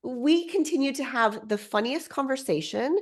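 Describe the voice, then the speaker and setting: Bubbly, excitable higher-voiced woman. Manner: bubbly, excitable, quick restarts; lively swings in pitch. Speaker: podcast guest. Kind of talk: casual storytelling.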